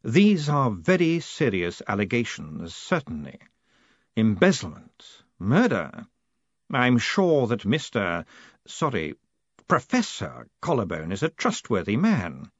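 A man voicing a cold, commanding male city ruler who speaks in a measured, precise, quietly menacing way. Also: lowish voice, wildly swooping pitch, no room sound, lo-fi sound, full character voice. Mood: cold calm.

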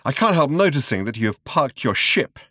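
A man voicing a cocky male space adventurer, loud and sneering in a raised voice. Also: mid-range voice, very animated, fairly quick, no echo, clean studio sound, pitched above the performer's own voice.

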